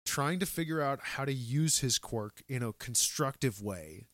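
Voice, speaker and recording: A man's voice: mid-range voice, lively intonation, measured pace, a bit bright, dry recording. A man co-hosting a podcast, recapping episodes in an enthusiastic, chatty way with frequent fillers. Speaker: podcast co-host. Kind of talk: casual recap chat.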